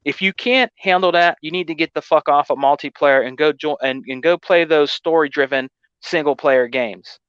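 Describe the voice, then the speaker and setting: A man with a high-pitched voice tells a gaming story in loose, rambling casual chat, leaning on "you know what I mean" and "man". The recording is dry and close, with a slightly dull, muffled tone. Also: moderate pace, fairly bright tone, smooth, dry recording. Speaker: gaming channel host.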